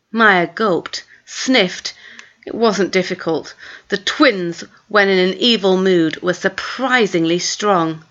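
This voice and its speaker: A woman narrating a children's novel in a lively, expressive reading voice. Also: mid-range voice, takes it slowly. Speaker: audiobook narrator. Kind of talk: storybook reading. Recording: dull lo-fi recording.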